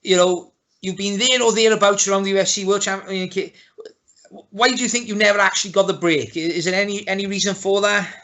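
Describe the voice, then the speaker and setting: Guy hosting a chat, high bright voice, kinda stop-start when he asks stuff. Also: steady tone. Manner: asks questions with halting restarts. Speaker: host, coach. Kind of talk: casual interview.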